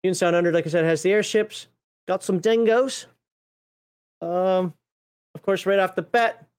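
A man's voice: high voice, steady tone, moderate pace, clean tone. A man chatting casually as a streamer while paging through tabletop game books, rambling, swearing offhand and laughing at himself. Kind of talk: casual chat.

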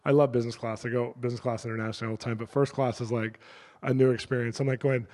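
A middle-aged male pastor preaching a sermon through lively personal stories, acting out the people in them. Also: medium pitch, quick pace, in a large hall. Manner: animated, acts out the people in his stories. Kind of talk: sermon storytelling.

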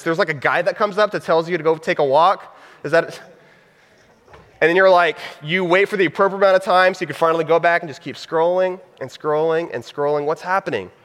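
A high-pitched man gives a casual, story-driven sermon. He acts out everyday moments in quick quoted voices, and his words ring out with a long hall reverb. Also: fairly bright tone. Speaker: pastor.

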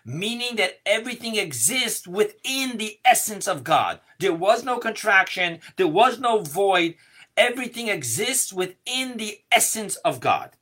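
A man giving a deliberate, slowly paced lesson on Jewish mysticism, stressing key words as he explains. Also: high voice, big pitch swings, sharp tone. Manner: slow, deliberate explaining with rising emphasis. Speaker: teacher. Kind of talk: Kabbalah lesson.

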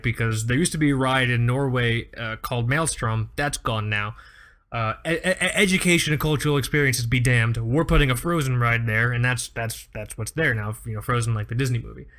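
This podcast co-host, a man in his thirties, speaks briskly at a medium pitch. He's lively and crude, stretching his stories well past the truth for laughs in a relaxed, comedic chat.

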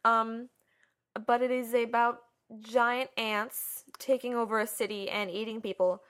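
A young woman chatting casually about films, animated and chatty, acting out her own past lines. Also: on the high side, a little slow, clean tone. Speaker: co-host. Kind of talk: casual film chat.

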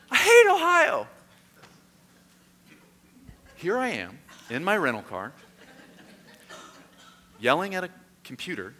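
A man preaching a sermon as a pastor, in a conversational storytelling manner that turns lively and self-mocking. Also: a little high. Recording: echoey hall.

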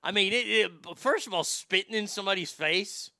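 A man's voice: high-pitched, fairly quick, creaky, bright, forceful tone, no echo, studio quality. A man hosting a talk show, brash and profane, riffing on clips and reading chat, often stammering into restarts. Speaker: show host. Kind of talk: casual commentary reading chat.

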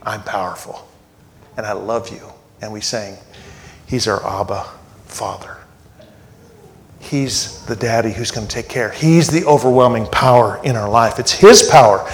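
A pastor giving a church sermon, reading scripture aloud and explaining it in a conversational way with joking asides. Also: male voice, fairly low pitch, unhurried, slight background noise. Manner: reads scripture aloud and unpacks it line by line.

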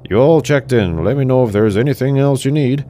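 A man voicing a businesslike male dorm manager who talks in a flat, matter-of-fact way. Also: mid-range voice, a little fast, slight background noise, pitched above the performer's own voice, close to an everyday voice.

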